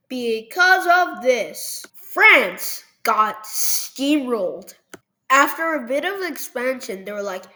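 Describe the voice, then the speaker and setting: Female narrator, casual and jokey history explainer; slow pace, fairly high and animated pitch. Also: low-quality recording. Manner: jokey, loose, with lots of ums and "were like". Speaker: video narrator. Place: at a computer, recording over a screen.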